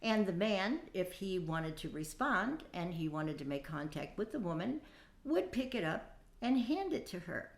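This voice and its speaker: A woman's voice: fairly low pitch, very animated, a little slow. A woman in her fifties hosting a casual dating-advice talk, chatty and folksy, with many fillers and asides. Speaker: podcast host. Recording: echoey room.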